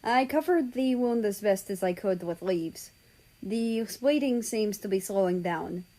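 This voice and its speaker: A woman reading a fan story aloud in slow, measured narration. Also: medium pitch, lively intonation, warm tone, poor audio. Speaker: story reader.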